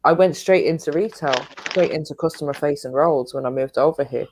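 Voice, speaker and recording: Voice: mid-range voice, brisk, noisy background. A person from Ireland co-hosting a livestream, chatting casually, laughing often and trailing off mid-sentence. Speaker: livestream co-host. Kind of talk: casual chat.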